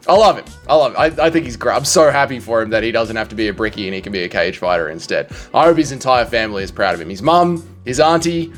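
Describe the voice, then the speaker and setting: Animated, joking male commentator. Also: fairly high pitch. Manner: joking, rambling, with slangy asides. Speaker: tier-list commentator. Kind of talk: casual comedic monologue.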